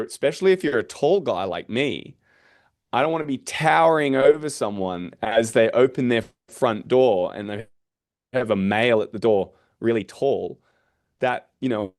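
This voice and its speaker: A man coaching real estate agents on door-knocking, casually acting out doorstep conversations. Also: medium pitch. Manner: casual, acts out doorstep dialogue. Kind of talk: teaching door-knocking technique.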